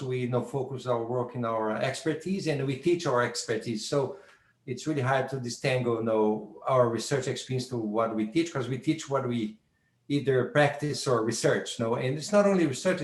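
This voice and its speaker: A man's voice: medium pitch, brisk. A man on a university panel answers a question in an easy, conversational way, leaning on "you know" again and again. His voice sits in the middle of the range. The room gives it a noticeable echo. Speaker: faculty member. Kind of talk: panel discussion.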